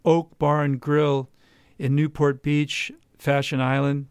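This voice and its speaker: A man, a jazz guitarist and podcast host from Southern California, telling a long anecdote in a casual interview, with many pauses and quoted dialogue. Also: fairly high pitch, flat delivery, clean tone, no echo. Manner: rambling anecdote with many uhs, quoting others.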